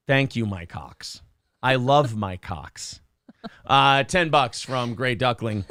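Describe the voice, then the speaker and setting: A man's voice: medium pitch, lively intonation, slow pace, sharp tone, no echo, clean studio sound. A man, hosting a show in casual chat, joking loosely and reading donor messages. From Minnesota. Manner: joking, loose, many fillers. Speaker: show host.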